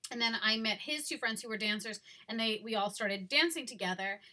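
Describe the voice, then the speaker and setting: Young woman, podcast co-host, casual chat, very bright tone, rambling storyteller. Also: fairly high pitch, a little fast. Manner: chatty, laughs easily, rambling storyteller.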